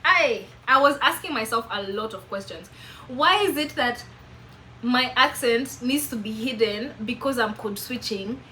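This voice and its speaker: A woman's voice: fairly high pitch, moderate pace, pushed and bright, slight background noise, poor audio. A young woman with a Kenyan accent talking earnestly to camera in a reflective personal vlog, asking herself question after question. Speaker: vlogger.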